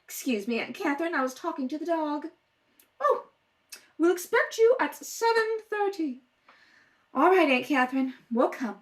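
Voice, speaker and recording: A caring, gently persuasive wife in an old-time radio play, played by a woman. She coaxes with sympathy in a high, lively voice. Recorded at a home kitchen table. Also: moderate pace. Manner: coaxing, sympathetic. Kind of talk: amateur radio play rehearsal.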